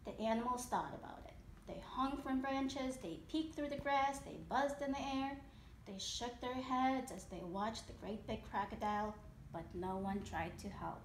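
A woman, a mother, reading a children's storybook aloud at home with animated, expressive delivery. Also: a little high, a little slow, slight background noise. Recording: echoey room.

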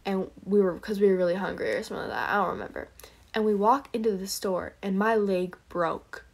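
A woman's voice: mid-range voice, a little fast, creaky, husky. A young woman telling earnest faith stories on a late-night livestream. She sounds tired and talks in a breathless rush. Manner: earnest, breathless storytelling, whispers prayers. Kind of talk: casual faith testimony on a livestream.

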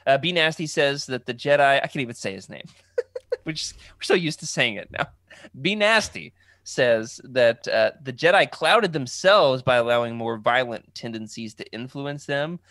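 A man's voice: medium pitch, normal speed, fairly bright tone, no echo. A man hosting a casual livestream podcast, joking around and reading out comments from the chat. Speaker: podcast host.

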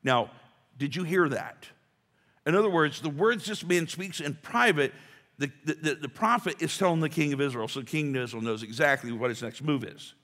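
A pastor delivering a sermon in a conversational way, building to emphatic rhetorical questions. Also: male voice, fairly high pitch, moderate pace, a bit bright. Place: church sanctuary. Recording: long hall reverb.

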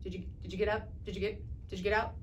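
A young woman leading an energetic children's Bible lesson to camera, moving about as she talks, singing and shouting with bubbly, exaggerated enthusiasm. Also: mid-range voice, racing, lo-fi sound. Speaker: children's ministry teacher.

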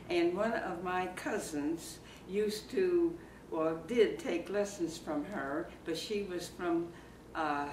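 A woman in her eighties from Iowa, reminiscing slowly and haltingly in an oral history interview held in a library community room. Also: fairly low pitch, a little mellow. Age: 80s. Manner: slow, halting reminiscing with fillers. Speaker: interviewee, former circus performer. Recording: roomy, distant mic, faint background noise.

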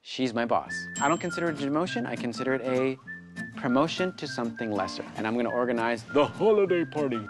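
A man's voice: mid-range voice, animated, quick pace, over music, close to an everyday voice. An actor playing a bumbling, self-important milk board spokesman who rambles and boasts in a sketch comedy. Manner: rambling, half-hearted, boastful.

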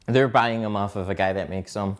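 A man's voice: fairly low pitch, fairly even intonation, a little fast. A man who does mobile window tinting, chatting casually and swearing a bit on a live stream while he works and hunts for his tools. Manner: casual, profane, chatty, distracted while working. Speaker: mobile window tint installer.

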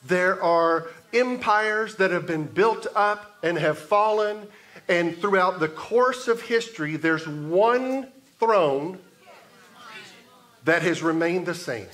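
A man preaching a sermon as pastor, in a measured way, building emphasis through repetition. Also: high-pitched, expressive, a bit bright. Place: church sanctuary.

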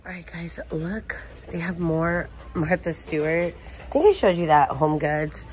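A woman's voice: fairly low pitch, a little slow, a little mellow, slight background noise. A woman narrating a casual shopping walkthrough, chatting as she reads out prices and product labels. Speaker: shopping vlogger. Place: inside a large retail store.

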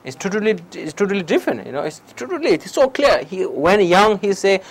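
A man's voice: high-pitched, a little fast, vocal fry, hardly any pauses, poor audio. A man with a Tibetan accent giving a public meditation talk in broken English, telling stories and often checking in with "okay?". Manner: broken English, lively storytelling, frequent "okay?". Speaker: meditation teacher. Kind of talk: public dharma talk with questions. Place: lecture hall.

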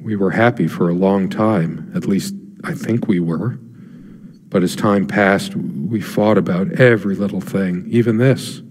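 An actor playing a brooding middle-aged husband, speaking a quiet, reflective inner monologue in a video game. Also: male voice, sits low, unhurried, husky, in a large hall.

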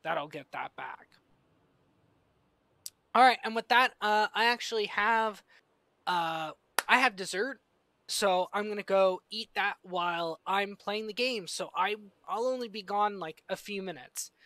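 A man's voice: high voice, measured pace, pushed and bright, no echo. A man streaming a strategy game, chatting casually and thinking aloud as he plays, into a desk microphone. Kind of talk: casual live-stream commentary.

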